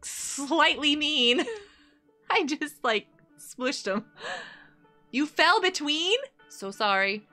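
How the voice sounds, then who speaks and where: A woman's voice: high-pitched, expressive, drawn-out words, pauses often, bright, forceful tone, soft background music. A woman streaming a game live, chatting with her viewers in a bubbly, giggly way. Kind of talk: casual live-stream chatter while gaming.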